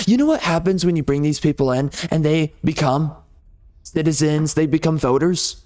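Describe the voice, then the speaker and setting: A man's voice: fairly high pitch, normal speed, a little mellow. A man from the United States delivering an angry, sarcastic monologue rant on a gaming channel, indignant and emphatic. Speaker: gaming video host.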